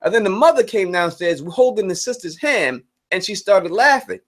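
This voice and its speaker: A man with a slightly higher, a bit bright voice hosts a live stream on his channel, speaking earnestly yet casually at normal speed. Expressive and direct, he circles back over his points and restarts sentences as he works out what he means, keeping a conversational tone.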